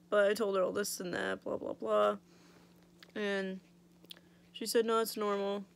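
Young woman vlogger, gravelly, swears casually, chatty and candid, mouth swollen after surgery. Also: medium pitch, little pitch movement, slow. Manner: chatty, blunt, swears freely, lots of "like". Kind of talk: casual storytelling vlog.

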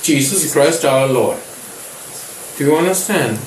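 Man, pastor, Bible study teaching, slightly high voice, checks in with listeners, distant echoey recording. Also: lively intonation, measured pace, a little hiss or hum. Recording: echoey room from far off.

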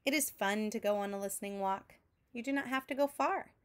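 A woman teacher reading a picture book aloud to children in a slow, clear storytelling manner, making sound effects with her voice between lines. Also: mid-range voice. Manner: adds vocal sound effects between narration.

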